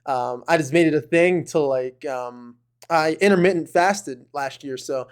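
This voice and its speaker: Male podcast co-host, slightly high pitch, rambling chat with bursts of mock rant. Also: unhurried, smooth. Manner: rambling with fillers and restarts, bursts of mock outrage. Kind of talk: casual chat.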